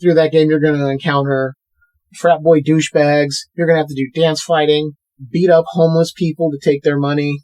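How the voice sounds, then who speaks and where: A man's voice: fairly high pitch, flat delivery, a little fast, darkish tone. A man hosting a podcast, chatting casually and rattling off plugs and promos. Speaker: podcast host.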